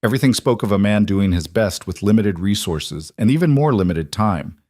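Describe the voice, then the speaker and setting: Male storybook narrator, low, steady, measured, dry sound. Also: no room sound.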